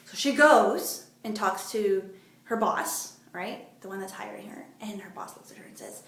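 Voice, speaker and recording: A woman's voice: mid-range voice, moderate pace, creaky, a bit bright. Chatty woman vlogger in an echoey room. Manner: chatty storytelling with many fillers and restarts. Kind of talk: casual motivational talk to camera.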